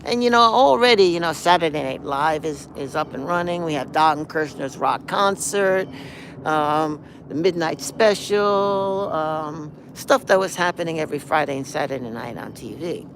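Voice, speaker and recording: A man in his sixties, hosting a live stream and telling a rambling, animated story, now and then humming melodies and acting out quotes. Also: a little high, normal speed, background noise. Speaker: host.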